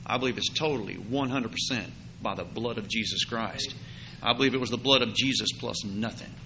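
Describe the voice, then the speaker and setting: Hoarse preacher, bright and fervent. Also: male voice, medium pitch, slight background noise, rough recording. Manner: builds from quiet to loud emphatic preaching. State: sore scratchy throat. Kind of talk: sermon. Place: church before a congregation.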